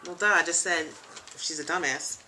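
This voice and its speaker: Young woman host, low voice with a bright forceful edge, frank and chatty, faint hiss behind. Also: brisk. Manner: chatty, frank and joking, with frequent ums and asides. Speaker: web show host. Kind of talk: casual chat. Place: home room, seated in a leather chair.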